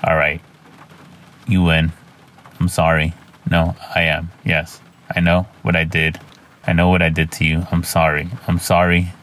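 A man's voice: low voice, flat delivery, measured pace, long pauses, fairly bright tone, a little hiss or hum. A man voicing a haunted, bitter man who slides into terror, reading journal entries in a brooding, weary way. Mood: pleading.

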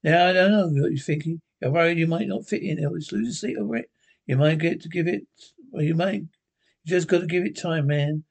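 An actor playing a smooth-talking male hippie cult leader in an animated series, with a laid-back drawl, calling everyone man and brother. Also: fairly high pitch, a little fast. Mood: persuasive.

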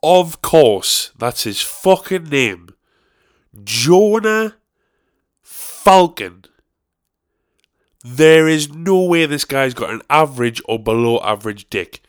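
A man's voice: medium pitch, expressive, measured pace, few pauses, smooth. A young man hosting a solo podcast, rambling casually with crude, self-mocking jokes. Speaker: podcast host.

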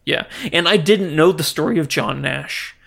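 A young man co-hosting a movie podcast, rambling with many restarts and quick laughs, easily moved. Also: on the high side, creaky, a bit bright, slightly rough. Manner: rambling, restarts, laughs often, gets emotional. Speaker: podcast co-host. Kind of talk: casual movie chat.

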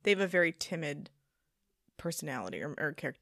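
A young woman co-hosting a casual chat podcast, chatty and teasing, quick to react to her friend. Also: low-pitched, very animated, fairly bright tone, no echo, studio quality. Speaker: podcast co-host.

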